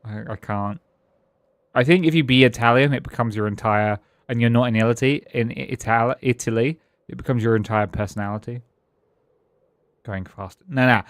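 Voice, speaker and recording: A British man chatting casually over a game stream, his voice sitting at an ordinary middle pitch. He rambles through his thoughts, restarting sentences and chuckling between them. The sound is dry and close, with no room around it. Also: normal speed, clean tone, no room sound. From Britain. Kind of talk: casual gaming-stream chat.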